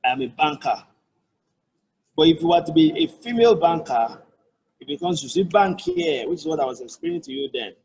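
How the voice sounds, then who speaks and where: A man with a fairly high, animated voice, darkish and slightly rough, teaches an online French lesson in lo-fi sound. He has a Nigerian accent and explains patiently, repeating each phrase and working through slow, careful examples.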